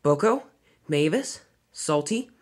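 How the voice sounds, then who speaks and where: A storyteller voicing a small, anxious young male tank engine in a toy train fan film, talking in a fretful, excitable way. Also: medium pitch, takes it slowly. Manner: fretful, exclaims easily.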